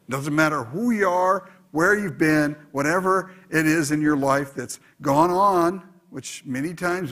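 A man preaching a sermon, dropping to quiet asides and rising to loud exhortation. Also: fairly high pitch. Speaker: pastor.

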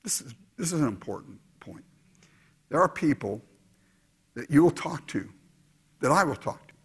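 Speaking to a congregation, this male pastor preaches in an animated, exhorting manner at a moderate pace. His husky voice is slightly raised, and its pitch moves across a wide range: low and hushed for asides, high when he pushes his message.

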